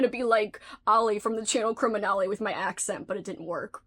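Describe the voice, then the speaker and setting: A woman's voice: medium pitch, expressive, brisk, hardly any pauses, pushed and bright, breathy edge. A woman hosting a casual vlog, chatting in a playful, talkative way and slipping into whispered asides now and then. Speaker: video host.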